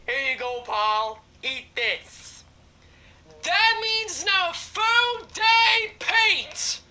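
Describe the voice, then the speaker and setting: A woman tosses off goofy sound-effect voices, swinging between shrill squeals and low growls. Her voice sits very high and bright, and she drags every word out slowly. Laughter keeps breaking into her shouting. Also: animated, a little hiss or hum.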